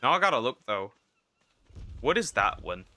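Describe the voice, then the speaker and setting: Bright-voiced young man streaming a game. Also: mid-range voice, big pitch swings, moderate pace. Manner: rambling, talks to himself while playing. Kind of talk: casual gameplay commentary.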